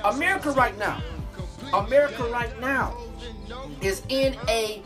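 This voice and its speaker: A woman with a fairly high voice delivers a heated political rant on her podcast. She repeats herself, preaches, and fires off rhetorical questions. Faint music runs behind her. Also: unhurried. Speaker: podcast host. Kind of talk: ranting political commentary monologue.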